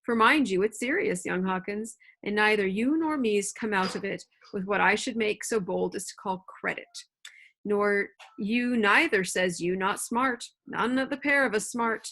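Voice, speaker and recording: Woman reading a jovial sly old one-legged pirate cook, hearty sailor talk, middle pitch, computer mic. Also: normal speed, a bit bright.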